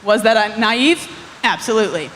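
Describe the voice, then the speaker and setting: A young woman giving a casual, self-mocking youth sermon, chatty with quick asides and lots of "like". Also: mid-range voice, lively intonation, a bit bright. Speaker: youth ministry speaker. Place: church hall. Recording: long hall reverb, faint ambient noise.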